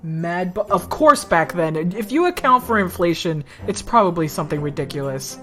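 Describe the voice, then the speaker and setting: A woman's voice: fairly low pitch, lively intonation, normal speed, fairly bright tone, faint music behind. A woman streamer giving giggly, swearing, casual commentary on a game.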